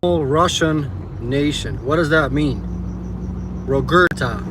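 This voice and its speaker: A man's voice: on the high side, a little slow, background noise. Profane, irritated man ranting in a car. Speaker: livestreamer driving for rideshare. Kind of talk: casual livestream chat from a car. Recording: music playing in the background.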